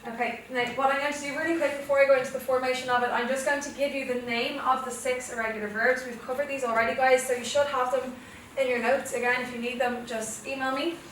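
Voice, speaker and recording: Speaking fast with few pauses, a young Irish woman delivers a Spanish revision lesson in a high, flat, fairly bright voice. She explains each step and often checks in with "okay?". The classroom sound is echoey and distant, with faint noise.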